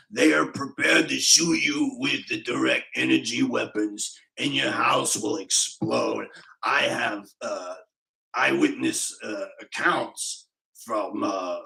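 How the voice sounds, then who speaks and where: A man voicing a ranting middle-aged man who preaches slowly about doom and conspiracies, with bursts of shouting. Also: mid-range voice, creaky, heavily acted, poor audio.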